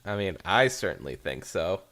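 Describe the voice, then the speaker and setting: A man with a low voice chats casually on a podcast. His pitch moves widely as he makes wry, nitpicking remarks. He sounds relaxed and dry-humored. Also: moderate pace. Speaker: podcast co-host. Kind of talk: casual chat.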